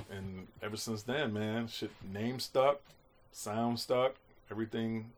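Taking it slowly in a fairly low-pitched voice, a music producer tells casual stories as an interview guest. He stays animated and slangy, acting out the quotes and swearing freely.

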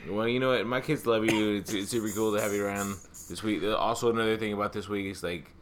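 A man's voice: lowish voice, fairly even intonation, fast. A man in his thirties co-hosting a podcast, rambling casually with lots of swearing and fillers. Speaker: podcast co-host. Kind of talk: casual chat.

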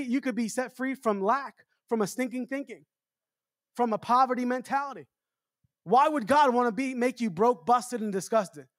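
A man with a very high voice preaches a fervent revival sermon. He hammers on repeated rhetorical questions and climbs toward shouting. The sound is dry and close, with no room around it. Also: dry recording.

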